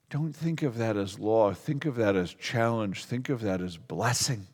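A man preaching a sermon as a pastor, talking in a lively, conversational way and asking the congregation questions. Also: mid-range voice, normal speed, hardly any pauses, husky. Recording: long reverb of a large hall.

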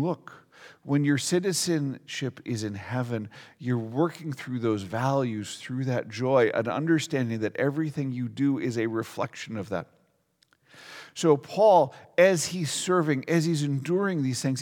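A man preaching a sermon as a pastor, talking in a lively, conversational way and asking the congregation questions. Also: medium pitch. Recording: long reverb of a large hall.

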